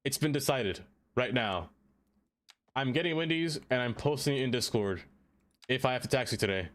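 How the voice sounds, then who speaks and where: A young man chatting with his viewers on a live stream, loose and joking as he reacts to the chat. His voice swings high and low and he laughs often. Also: lively intonation, normal speed, a bit bright.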